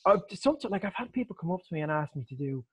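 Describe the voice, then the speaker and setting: A man hosts an easy podcast chat, stumbling over his words and chuckling as he goes. His voice sits a touch higher than most men's. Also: sing-song, racing, husky. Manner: stammering restarts, chuckling. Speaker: host.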